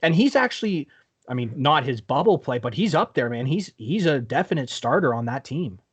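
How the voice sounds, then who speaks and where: A man co-hosting a podcast with a Canadian accent, talking sports in an animated, casual way, swearing freely and agreeing with quick "yeah"s. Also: medium pitch, slightly rough. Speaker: podcast co-host.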